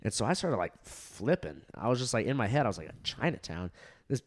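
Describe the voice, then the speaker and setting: Young male comic, mid-pitched, loose and profane in casual chat. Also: big pitch swings, quick pace. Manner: casual, profane, laughing, lots of fillers. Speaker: stand-up comedian.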